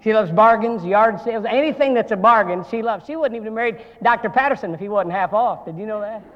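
A man's voice: high-pitched, quick pace, muffled recording. A man preaching as a guest speaker in a seminary chapel, a folksy storyteller who jokes with the crowd. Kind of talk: sermon. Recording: long hall reverb.

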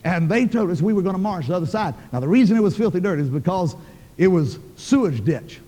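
An older man preaches in a brisk, high-pitched voice. He tells his story in a folksy, emphatic way, and his words ring out in a large, echoing hall. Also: expressive, dark tone. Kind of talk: sermon storytelling.

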